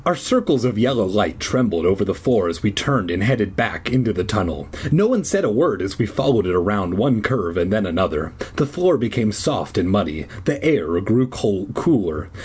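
Husky man reading a story aloud. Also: lowish voice, big pitch swings, moderate pace, hardly any pauses, a little mellow. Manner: casual, swears in asides. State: sore throat. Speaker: reader. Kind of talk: casual storybook read-aloud.

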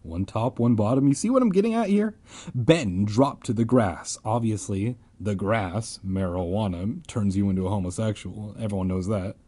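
A man reading a kids' book aloud, breaking off for deadpan, sarcastic comedic asides. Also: lowish voice, normal speed, breathy edge. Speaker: comedic audiobook reader.

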